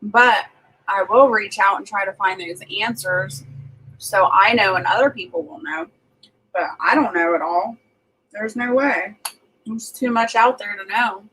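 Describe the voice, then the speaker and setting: A woman's voice: medium pitch, unhurried, a bit bright, breathy edge, low-quality recording. A woman with a Southern US accent, casually chatting on a livestream and reading out viewer comments as she rambles along.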